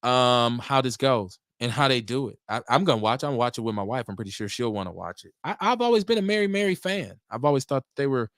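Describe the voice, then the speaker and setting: Middle-aged man, solo podcast host, rambling and animated, mid pitch, dry close sound. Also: quick pace, hardly any pauses, no room sound. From Milwaukee, USA. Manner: rambling, talkative, lively swings in pitch. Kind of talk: casual solo talk show.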